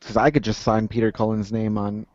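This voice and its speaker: A man's voice: fairly low pitch, flat delivery, fairly quick, a little mellow, no echo. A man co-hosting a casual collector chat, chatty and filler-heavy with an easy laugh, over dull lo-fi stream audio. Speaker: podcast co-host.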